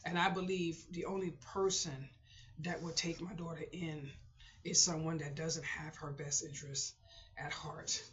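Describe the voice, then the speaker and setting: A woman's voice: low voice, flat delivery, moderate pace. A woman vlogger talking casually to her viewers, rambling and heartfelt with lots of fillers. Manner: rambling and heartfelt, many fillers, talks to viewers as "boys and girls". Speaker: frugal living vlogger. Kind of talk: casual personal chat to camera. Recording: dull lo-fi recording with faint noise.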